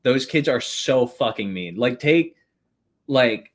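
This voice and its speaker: A man's voice: mid-range voice, animated, slow. A young man telling stories as a podcast guest in a rambling, casual way, swearing often and laughing between words. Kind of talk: casual storytelling chat.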